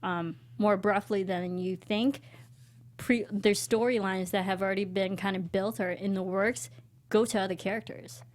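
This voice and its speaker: A woman's voice: medium pitch, steady tone, moderate pace, a little mellow. Chatty young woman reviewing TV. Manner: chatty, uses fillers like "um" and "like". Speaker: co-host of TV recap show. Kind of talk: casual TV review chat.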